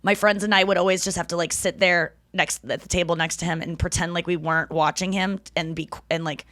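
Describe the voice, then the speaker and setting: Woman podcast host, lower voice, joking around crude and candid, dry sound. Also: fairly even intonation, quick pace, a bit bright, no room sound. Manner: candid, crude, playful storytelling. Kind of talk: casual chat.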